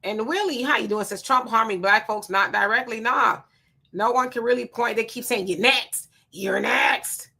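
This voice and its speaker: Woman, live-stream host, casual commentary, reads out viewer comments, bright forceful tone. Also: on the high side, normal speed. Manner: chatty, greets commenters by name, reads comments aloud.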